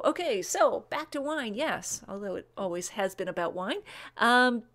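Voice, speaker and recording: A woman hosts a live online wine show in a loose, chatty way. She gushes over bottles, rattles off tasting notes and answers viewers' comments as they come in. Her talk is full of little "um"s and quick asides. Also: medium pitch, a bit bright. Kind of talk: casual live-stream chat, reading viewer comments.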